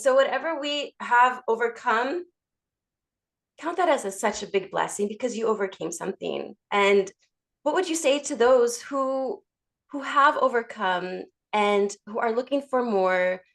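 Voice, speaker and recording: A woman hosting a podcast, her voice sitting on the higher side. She affirms her guest readily and talks in a gentle, spiritual way during the casual chat. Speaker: podcast host.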